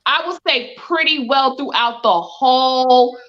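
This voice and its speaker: A woman in a casual talk-show chat, giving measured, thoughtful opinions. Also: high voice. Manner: measured, thoughtful commentary with repeated "I think". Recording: dull lo-fi sound.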